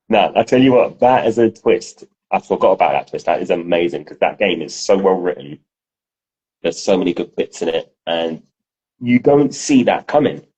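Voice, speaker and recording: Deep husky man chatting animatedly. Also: normal speed, poor audio. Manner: animated, swearing, storytelling. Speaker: podcast co-host. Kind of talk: casual chat.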